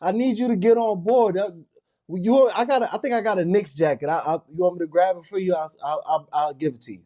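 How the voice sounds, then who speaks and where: A man's voice: high-pitched, quick pace, dark tone. A man co-hosting a casual basketball show, playful and teasing in his banter. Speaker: co-host.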